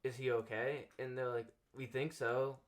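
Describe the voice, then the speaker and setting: A man's voice: mid-range voice, little pitch movement, moderate pace. A young man hosting a casual podcast, telling a long school anecdote with lots of fillers and acted-out dialogue. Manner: rambling anecdote full of "like" fillers, acting out quoted dialogue. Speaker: podcast host. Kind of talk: casual storytelling chat.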